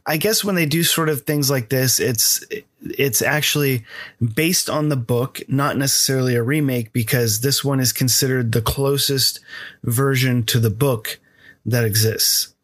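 A man's voice: mid-range voice, measured pace, a bit bright, no echo, studio quality. An American man hosting a casual podcast chat, rambling with lots of fillers and easy laughs. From United States. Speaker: podcast host.

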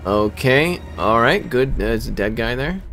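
Animated joking man on a headset mic. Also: medium pitch, measured pace, over music. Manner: animated, joking, talks over his partner. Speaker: co-host gamer. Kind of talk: casual gaming chat.

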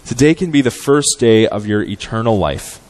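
Man, lowish voice, guest preacher, earnest measured sermon, frequent fillers. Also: expressive, darkish tone, poor audio. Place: church sanctuary.

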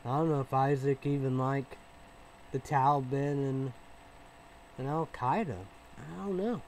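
A man in a casual vlog monologue, rambling and repeating himself, with many fillers and restarts, swinging between low mumbling and loud outbursts. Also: fairly even intonation, a little slow, slight background noise, low-quality recording. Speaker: vlogger.

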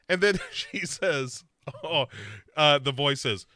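A man's voice: on the high side, slow, no echo. A man co-hosting a podcast, recapping a horror series in casual chat and acting out characters' lines. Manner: animated storyteller, acts out characters' lines. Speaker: podcast co-host.

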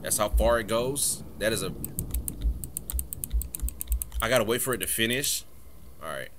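A man's voice: fairly low pitch, expressive, measured pace, a bit bright, a little hiss or hum. A man giving casual commentary while playing a horror game, talking back to the game, swearing and joking through the scares. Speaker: gaming streamer.

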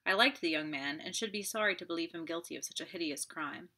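A woman voicing a polite, shrewd older detective in an audiobook, measured and guarded in speech. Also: on the low side, bright, forceful tone.

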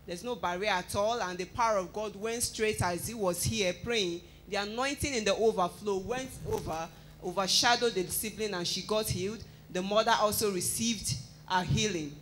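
High-voiced minister explaining earnestly. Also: male voice, normal speed, fairly bright tone, faint music behind, low-quality recording. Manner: earnest, preacherly, with fillers. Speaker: church minister explaining a testimony. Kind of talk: sermon-like explanation.

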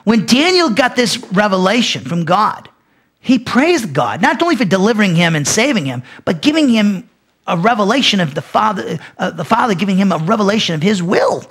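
A male pastor teaching a Bible lesson, speaking emphatically with frequent restarts and sudden loud peaks. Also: sits high, very animated, a little fast, husky.

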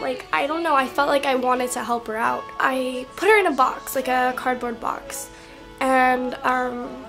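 A woman's voice: high voice, gravelly. A young woman vlogger telling a story to her camera in a casual, rambling way, full of fillers and swearing.

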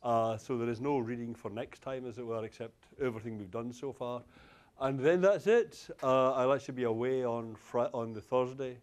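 A man's voice: medium pitch, normal speed, a little mellow. A Scottish man from Glasgow giving a university lecture in a loose, joking way, with many fillers and restarts. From Glasgow, Scotland. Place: lecture hall.

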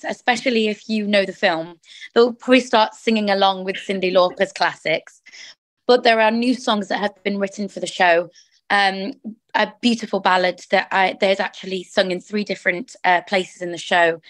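A woman's voice: medium pitch, dry recording. A woman, a musical theatre actress, chatting enthusiastically as a guest in an interview, often restarting her sentences. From England. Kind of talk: casual interview chat.

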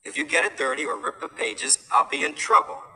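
A man's voice: a little fast, bright, forceful tone. A man voicing a bossy older brother who tells off his little brother. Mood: stern. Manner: bossy, telling off. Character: bossy big brother, a schoolboy. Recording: voice from far off the mic.

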